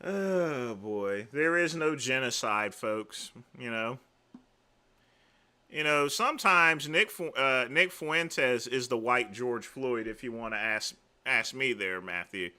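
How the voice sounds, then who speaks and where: A man hosting a livestream, reacting to clips with emphatic, mocking repetition and sudden bursts of shouting. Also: medium pitch, expressive, takes it slowly. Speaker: livestream host. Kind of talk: live reaction commentary.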